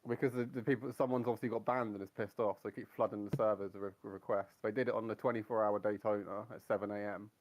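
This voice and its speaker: A man's voice: lowish voice, fairly even intonation, fast talker, few pauses. A man chatting as a sim racing teammate, rambling and blunt, swearing freely. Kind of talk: casual chat.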